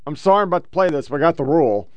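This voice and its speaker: A middle-aged man runs his show in a blunt, crude commentary voice, lecturing as he reacts to clips. His pitch swings widely and sits a little high. The sound is dry and close. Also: lively intonation, very fast, no room sound. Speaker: podcast host reacting to clips. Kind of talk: casual profane commentary.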